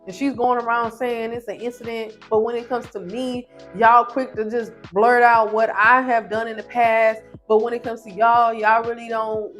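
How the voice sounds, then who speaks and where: A woman recaps a reality show in a casual, animated, slangy way, full of opinions. Her voice sits a little higher than most women's, and faint music plays underneath. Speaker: TV show reviewer.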